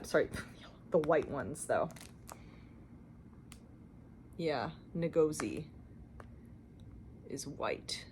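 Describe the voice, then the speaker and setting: A woman's voice: low voice, a little hiss or hum. A young woman from Canada hosting a cross-stitch channel, chatting casually and gushing over her shopping finds. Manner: gushing, chatty, lots of fillers and laughs. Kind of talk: casual show-and-tell chat.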